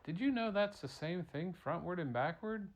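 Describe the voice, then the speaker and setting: A man's voice: high-pitched, lively intonation, moderate pace, background noise, voice pushed up. A man voicing a cheerful, friendly man offering a ride in a bedtime story, upbeat and chatty.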